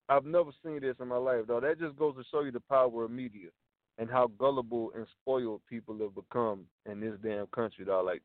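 A man co-hosting a talk radio show, ranting in heated casual talk, swearing a lot and tagging his lines with slang asides. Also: medium pitch. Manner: profane, repeats himself, tags lines with "you dig", "bro", "dog". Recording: tinny phone-like audio.

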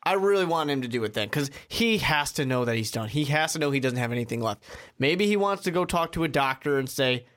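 A man's voice: medium pitch, animated, a bit bright. Blunt, opinionated male podcast co-host. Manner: blunt, opinionated, quick jokey asides. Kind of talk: casual sports podcast chat.

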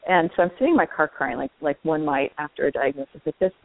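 Woman guest on a call-in radio show, animated, earnest storytelling, phone-line sound. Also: low voice, quick pace, gravelly, no echo. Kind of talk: casual interview storytelling.

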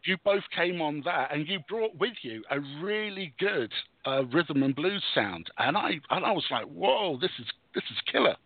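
An English man, a music promoter, talking as a radio guest with lively, enthusiastic patter. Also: fairly high pitch, normal speed, few pauses, no echo. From England. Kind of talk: casual radio chat. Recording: tinny phone line.

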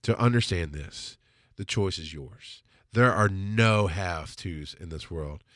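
A man, a father and podcast host, telling a confessional personal story with plenty of swearing, swinging from loud outbursts to quiet, subdued lows. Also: a little slow, dry recording, clean studio sound.

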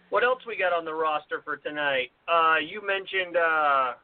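A man's voice: fairly high pitch, no echo. A man co-hosting a podcast in casual chat, laughing often and restarting his sentences. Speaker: podcast co-host. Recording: tinny phone-like dry sound.

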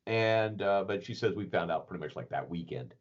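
A man's voice: low voice, expressive, brisk. A man telling a story in a casual, rambling way, with lots of fillers and chuckles. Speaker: podcast guest telling a story. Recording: dull lo-fi recording.

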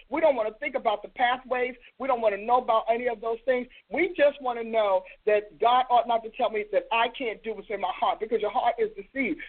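Woman host preacher, scolding rhetorical style, telephone-quality audio. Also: fairly high pitch. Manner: emphatic, scolding rhetorical questions. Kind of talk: preaching broadcast. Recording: tinny phone-line sound.

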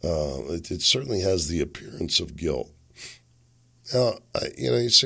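A man hosting a casual commentary show, riffing in a rambling, sardonic way with chuckling asides. His low voice has a gravelly fry and a bright, edgy tone. He is a bit sick. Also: animated, normal speed. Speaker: podcast host.

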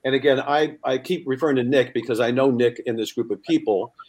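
A middle-aged man talking in a loose, chatty way as a guest. He tells stories and jokes and slips into voices for the people in them. His pitch sits in the middle range for a man. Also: fairly quick, a little mellow. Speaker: singer and guest. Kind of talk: casual chat with jokes.

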